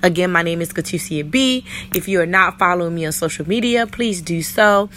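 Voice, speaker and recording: Chatty woman with a slightly rough voice. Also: fairly low pitch, brisk, a bit bright, a little hiss or hum. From New York. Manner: chatty, playful, talks straight to listeners. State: voice a bit rough this week. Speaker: podcast host. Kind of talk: solo faith podcast monologue.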